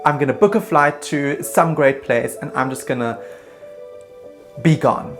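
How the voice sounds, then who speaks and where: Male vlogger, mid pitch, animated comic storyteller, self-deprecating, faint music underneath. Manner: animated, self-mocking, jumps into quick put-on voices. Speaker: travel storyteller. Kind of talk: comedic travel story vlog.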